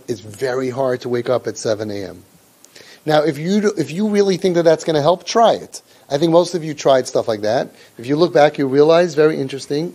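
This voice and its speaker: A man coaching parents in a sarcastic, animated way, his pitch sitting somewhat above the usual for a man. He speaks flavored by speech, and he keeps slipping into mocking voices as he imitates kids and parents, ramping up the exaggeration each one. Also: husky. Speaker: parenting coach leading a training group. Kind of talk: spoken parent training talk.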